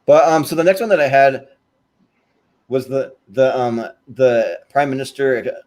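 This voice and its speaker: Young male co-host, halting delivery, fillers throughout. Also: medium pitch, darkish tone. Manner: hesitant, heavy use of "like" and fillers. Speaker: podcast co-host. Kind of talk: casual chat.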